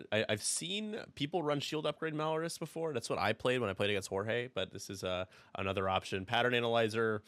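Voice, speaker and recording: A man's voice: on the low side, a bit bright, no room sound. A young man casting a tabletop game match in a casual, joking way, laughing often and rattling off upgrade lists. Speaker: game commentator.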